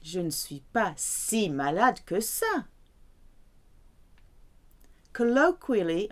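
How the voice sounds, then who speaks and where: A woman teaching a language lesson, slowly drilling phrases and humming placeholder sounds between words. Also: medium pitch, very animated. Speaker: French teacher.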